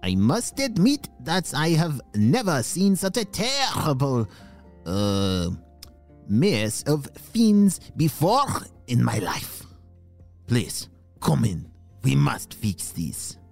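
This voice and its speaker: A man's voice: medium pitch, wildly swooping pitch, slow pace, vocal fry, faint music behind, exaggerated voice. A man voicing a kindly male cleaner shrimp, formal and gracious. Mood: fussy.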